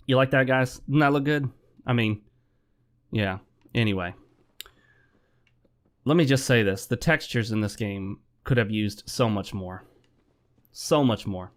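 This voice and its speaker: Chatty man commentating a game. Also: mid-range voice. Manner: chatty, easily frustrated rants. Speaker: gaming commentator. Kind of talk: let's play commentary.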